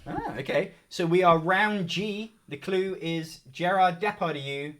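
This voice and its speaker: A man's voice: high voice, a little slow, fairly bright tone. A young man co-hosting a live game show stream, joking around and reading viewer comments aloud.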